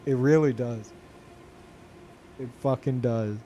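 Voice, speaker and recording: A man streaming a game live, chatting casually to his viewers, excitable, swearing freely and laughing often. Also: medium pitch, slow, dull audio, a little hiss or hum. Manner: talks to chat. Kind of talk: casual live gameplay commentary.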